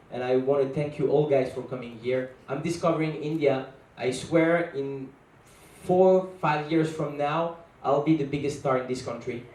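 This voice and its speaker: A man's voice: a little high, darkish tone. A young man with a French accent joking with the crowd as a guest actor at a film event. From France. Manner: jokey, laughs through lines. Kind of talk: playful stage remarks. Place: event stage with an audience. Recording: echoey event hall, from far off.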